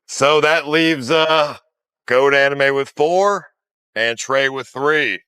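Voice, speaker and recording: A man's voice: mid-range voice, slow, pushed and bright, clean tone, no echo. A man hosting an elimination show on a stream, talking bluntly and offhandedly. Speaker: show host. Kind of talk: casual stream talk.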